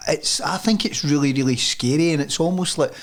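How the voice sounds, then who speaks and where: A man's voice: a little high, fairly quick. Chatty Scottish podcast host, man. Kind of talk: conversational interview.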